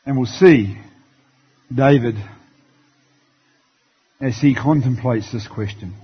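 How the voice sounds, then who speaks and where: A man's voice: mid-range voice, slow, slightly rough, lo-fi sound. A man preaching a sermon in church, talking conversationally to the congregation and reading scripture aloud. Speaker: pastor.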